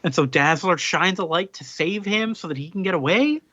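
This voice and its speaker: A man's voice: high-pitched, brisk, sharp tone, no echo, dull audio. A man co-hosting a casual podcast, animatedly recapping a comic book story and switching voices for the characters. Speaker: podcast co-host.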